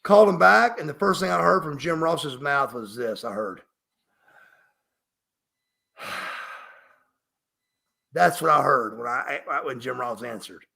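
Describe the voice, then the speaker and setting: His voice sits on the high side and sounds gravelly and sharp, moving at a normal speed with hardly any pauses. This expressive middle-aged podcast guest tells a story in an interview, swearing, speaking emphatically, and calling himself by name.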